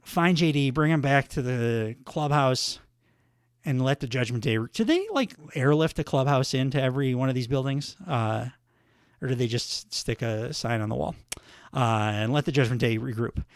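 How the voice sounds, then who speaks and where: A man's voice: mid-range voice, lively intonation, normal speed, clean tone, dry recording, studio quality. A man hosting a solo podcast in a casual recap style, rambling with lots of fillers and self-corrections. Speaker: podcast host.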